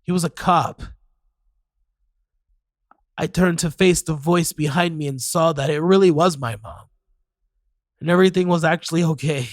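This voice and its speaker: A man narrating a first-person horror story with hesitant pauses and sighs. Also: on the high side, no echo.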